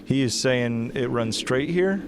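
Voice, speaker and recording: A man's voice: mid-range voice, expressive, measured pace, background noise. A man giving live curling commentary, joking and hyping events up like mock breaking news. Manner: playful, mock-dramatic breaking-news hype.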